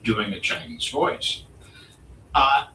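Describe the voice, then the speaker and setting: A man hosting a comedy show and delivering a provocative, mock-serious rant with dramatic pauses. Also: fairly low pitch, lively intonation, bright, forceful tone, a little hiss or hum. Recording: roomy echo, distant mic.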